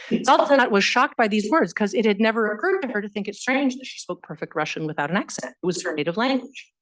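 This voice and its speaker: A woman history professor giving an academic lecture in a measured, explanatory way, often pausing on "um" and "you know". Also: medium pitch, expressive, rough recording.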